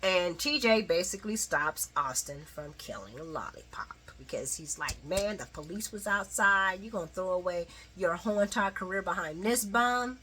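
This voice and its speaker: A woman giving a casual late-night soap opera recap, animated and swearing freely as she acts out the characters. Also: on the low side, moderate pace, few pauses.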